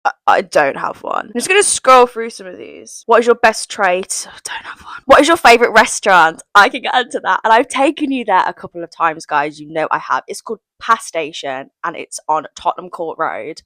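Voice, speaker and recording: A woman's voice: medium pitch, animated, fairly quick, fairly bright tone, dry recording, low-quality recording. A young woman, chatting in a casual, self-deprecating way for a get-to-know-me vlog and often giggling. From England, West Midlands. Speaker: vlogger.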